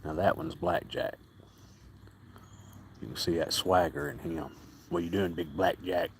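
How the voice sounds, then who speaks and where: A man's voice: sits low, measured pace, creaky, a little hiss or hum. A man chatting casually on a phone livestream outdoors, folksy and drawling, answering viewers by name. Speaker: cat sanctuary livestreamer. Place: outdoors at an animal sanctuary.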